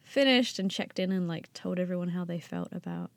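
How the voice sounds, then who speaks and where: A woman's voice: fairly low pitch, expressive, brisk, vocal fry, dry recording. Young woman, podcast guest, loose and self-mocking, trails off often. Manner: chatty, self-deprecating, laughs often, trails off with fillers. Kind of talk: casual chat.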